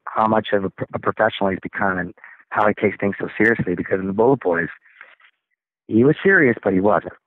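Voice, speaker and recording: A man, a rock singer, telling stories as an interview guest, acting out other people's lines in excited, high voices. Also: quick pace. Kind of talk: casual storytelling interview. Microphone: phone. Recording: tinny, dry phone line.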